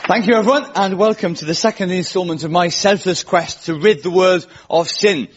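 A man's voice: sits high, brisk, slightly rough, some chatter behind. A man hosting a comedy show, rambling and self-deprecating and laughing between his lines in front of a live audience. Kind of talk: stand-up monologue for a live radio audience. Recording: dull radio recording with loud audience.

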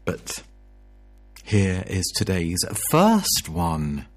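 Husky guy on local radio, rambly and jokey, pretty lively. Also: low-pitched, drawn-out words, soft background music. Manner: jokey, rambling, self-mocking. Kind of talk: casual radio chat.

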